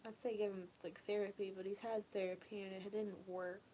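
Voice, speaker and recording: A young woman chatting casually with viewers in a relaxed, rambling way, often trailing off into a near whisper. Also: mid-range voice, brisk, a little hiss or hum. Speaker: ASMR streamer chatting with viewers. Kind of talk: casual soft-spoken chat.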